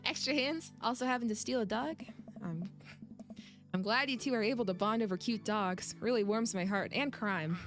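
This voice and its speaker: A woman's voice: a little high, normal speed. Giggly woman streamer chatting over music. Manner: giggly, rambling, chatty with viewers. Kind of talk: casual live-stream chat and game reading.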